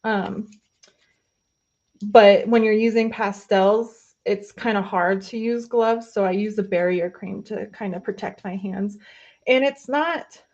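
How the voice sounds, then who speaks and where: Casting: woman, mid-pitch, relaxed live-stream host chatting while painting, slightly dull lo-fi audio. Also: takes it slowly. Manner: chatty, loose, many fillers, reading viewer comments.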